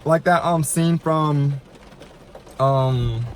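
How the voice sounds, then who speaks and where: A man's voice: on the high side, very slow. Chatty man telling a dramatic story. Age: 20s. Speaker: YouTuber. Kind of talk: storytime vlog. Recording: noisy room.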